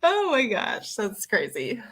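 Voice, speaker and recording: A woman's voice: on the high side, wildly swooping pitch, slow, fairly bright tone. A woman hosting a casual chat, telling family stories and laughing often.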